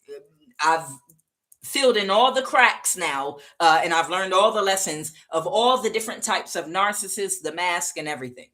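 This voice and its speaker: A woman with a fairly low voice reads tarot cards for her viewers in a loose, chatty monologue. She speaks bluntly, fills gaps with "uh" and keeps checking in with "okay?". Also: fairly bright tone. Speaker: tarot reader. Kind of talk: casual tarot reading monologue.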